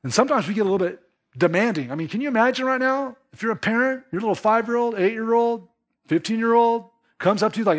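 Male preacher, high voice, animated delivery with hushed emphases. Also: fast. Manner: animated preaching, acts out little quoted voices, drops to a hush for emphasis. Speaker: pastor. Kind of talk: sermon.

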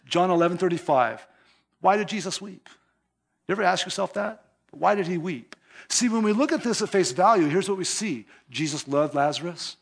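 Male pastor, high voice, lively conversational sermon delivery, easy chuckles. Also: moderate pace, gravelly, slightly rough. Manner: animated, conversational preaching with chuckles.

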